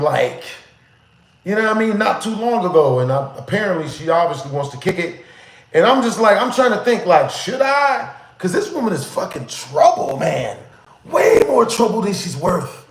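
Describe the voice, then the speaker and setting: A young man streaming live, telling a story to his chat in a casual, profane, animated way, repeating "you know what I'm saying" again and again. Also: high-pitched, echoey room, a little hiss or hum, low-quality recording.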